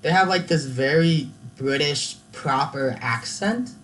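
A man's voice: fairly high pitch, slow pace, a bit bright, rough recording. Young man, casual podcast banter, jokey; faint hiss behind. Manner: joking, laughs often. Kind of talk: casual chat.

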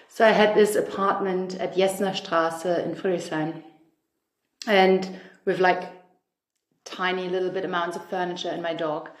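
A woman's voice: mid-range voice, fairly even intonation, measured pace. Chatty German woman, echoey room. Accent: German, with some Australian influence. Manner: chatty, laughs often, trails off with fillers. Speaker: podcast guest. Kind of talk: casual chat.

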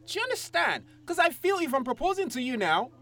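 Animated man hosting a chat. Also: very high-pitched, fast. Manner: playful, animated, laughs often. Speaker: host. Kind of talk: casual chat.

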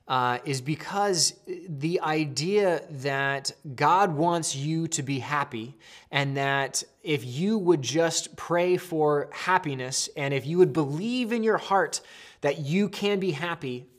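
A man giving an earnest, conversational Bible lesson to camera, often restarting mid-sentence. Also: a little high. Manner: conversational, earnest, with frequent restarts and shifting pace. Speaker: Bible teacher. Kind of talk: casual video teaching.

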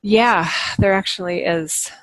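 Woman on a livestream, kinda gravelly voice, rambly, keeps restarting, dry close sound. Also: fairly low pitch, slow pace, dry recording. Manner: rambling, self-correcting, laughs at herself. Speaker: livestream host. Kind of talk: casual spiritual talk to live viewers.

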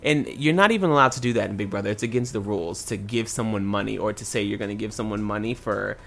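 A man's voice: lowish voice, fast, gravelly, a bit bright, a little hiss or hum. A man hosting a casual podcast, giving earnest, personal commentary. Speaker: podcast host. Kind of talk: casual chat.

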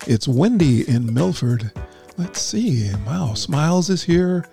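A North Carolina man with a slightly high, creaky, darkish voice and lively intonation speaks a little slowly while hosting a live radio and stream show. He chats casually with listeners, runs through a roll call of the chat and laughs at his own jokes, with music playing behind him.

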